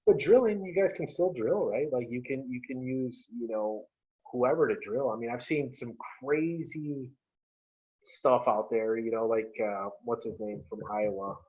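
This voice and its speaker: Male podcast guest, casual filler-heavy talker, mid pitch, lo-fi audio. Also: a little slow, darkish tone. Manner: loose, trailing phrases full of "you know". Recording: dull lo-fi sound.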